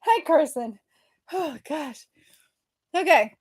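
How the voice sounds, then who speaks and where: Young woman, high voice, bubbly, chatty livestream host, slightly breathless. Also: expressive, slow pace. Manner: bubbly, chatty, distracted, reads comments aloud. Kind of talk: casual livestream chat with viewers.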